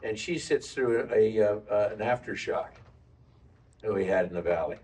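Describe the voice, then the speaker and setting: A man actor on a convention panel, recalling shooting scenes with relaxed, joking asides. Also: on the low side, normal speed, far from the mic, rough recording. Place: convention hall panel, heard from a distance.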